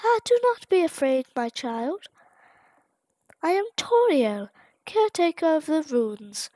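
A woman doing a gentle, motherly goat-woman guardian. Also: high voice, very animated, slow pace, no echo, pitched above the performer's own voice, heavily acted, poor audio. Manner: soft, formal and reassuring. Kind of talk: reading game dialogue aloud.

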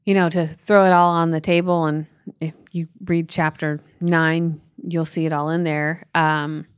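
Earnest woman podcast co-host, lowish voice. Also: level tone, unhurried, clear, resonant tone, no room sound, clean studio sound. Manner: earnest, tender, with many "you know" fillers. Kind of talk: emotional personal story on a podcast.

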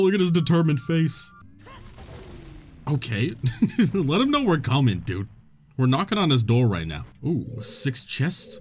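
A man giving joking, excitable gameplay commentary, often swearing and talking to the game characters. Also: medium pitch. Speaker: gaming channel host.

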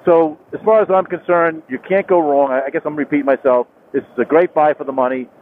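A man, talking casually into a helmet mic while riding his motorcycle on a rural highway, rambling with lots of fillers and restarts. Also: fairly even intonation, brisk. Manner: rambling, repeats himself, many fillers and restarts. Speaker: motorcycle vlogger. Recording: tinny phone-like helmet mic with road noise.

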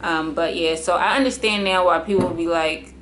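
A woman with a somewhat low voice talks to her camera at home in a loose, rambling way. She sounds worn out and drained, filling her sentences with ums and likes. Faint noise sits under her voice. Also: normal speed, fairly bright tone. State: tired and low on energy. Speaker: fitness vlogger and mother. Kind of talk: casual chat to camera.

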